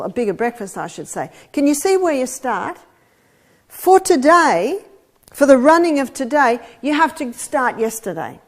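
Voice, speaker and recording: A woman health teacher giving a lecture to an audience, telling stories with laughs and acted-out quotes. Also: fairly high pitch.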